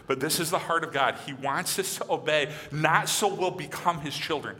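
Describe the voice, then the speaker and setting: A fairly high, bright-voiced man from Michigan preaches a sermon as a pastor, animated and acting out the voices he quotes. His voice carries a long, ringing reverb from a large hall. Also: moderate pace, few pauses.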